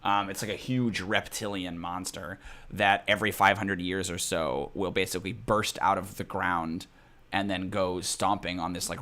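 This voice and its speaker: A man's voice: deep voice, a bit bright. A man narrating a tabletop game as dungeon master in a loose, rambling way with many fillers.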